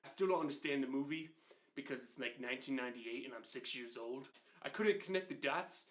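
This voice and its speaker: A man in his twenties telling a comedic childhood story in an animated, conversational way, with quick asides to the listener. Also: medium pitch. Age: 20s.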